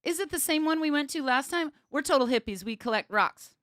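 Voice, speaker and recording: A woman bass player chats to her livestream viewers in a bubbly, giggly way. Her voice sits a little high, and the sound is dry, with no room echo. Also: expressive, brisk, fairly bright tone. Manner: chatty and bubbly, laughs often. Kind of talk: casual livestream chat. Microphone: streaming setup with cameras.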